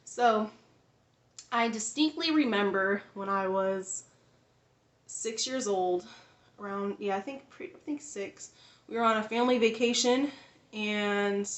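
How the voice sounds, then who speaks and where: Woman vlogging a story, mid pitch, rambles a lot, ums everywhere, echoey room. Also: unhurried, long pauses. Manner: rambling, with many fillers and restarts, laughs often. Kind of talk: casual storytelling.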